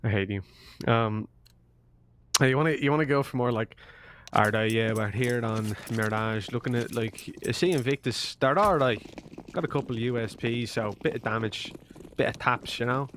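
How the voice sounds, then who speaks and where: A young Irish man commentating an esports match with animated, jokey and opinionated banter. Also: medium pitch, moderate pace, slight background noise. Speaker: esports caster.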